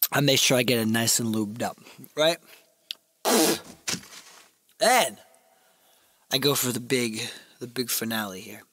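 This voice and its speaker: A man's voice: medium pitch, a little slow, long pauses, fairly bright tone, no echo. A man telling a crude, rambling comedic story in a casual ASMR storytelling style.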